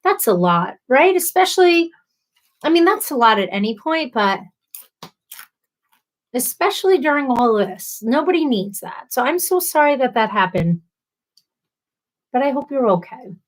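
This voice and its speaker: A woman's voice: high-pitched, big pitch swings, measured pace, long pauses. A woman hosting a casual live stream, reading viewer comments aloud and answering them with sympathy and playful asides. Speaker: livestream host.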